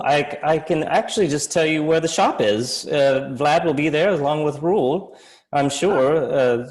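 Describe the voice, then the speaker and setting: A man's voice: mid-range voice, a little mellow, natural voice, rough recording. A man doing a chatty halfling musician. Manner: courteous, rambling, hesitant fillers. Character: chatty male halfling musician, polite and gossipy.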